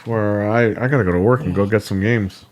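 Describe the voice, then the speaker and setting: A man's voice: lowish voice, fairly even intonation, brisk. A man co-hosting a casual gaming livestream, talking bluntly and swearing casually. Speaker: podcast co-host. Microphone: studio microphone.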